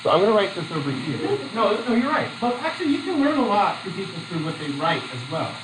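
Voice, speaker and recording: A man from Vermont lectures a classroom and calls on students by name. His pitch swings widely as he talks, and his delivery is chatty and self-deprecating, full of fillers and restarts. A faint hiss sits under the recording. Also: very animated, quick pace. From Vermont, USA. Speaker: college instructor.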